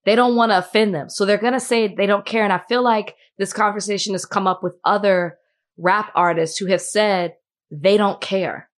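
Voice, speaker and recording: A woman's voice: mid-range voice, steady tone, normal speed. A woman co-hosting a podcast, making her points earnestly and emphatically in casual debate. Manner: earnest, emphatic, with frequent restarts. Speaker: podcast co-host.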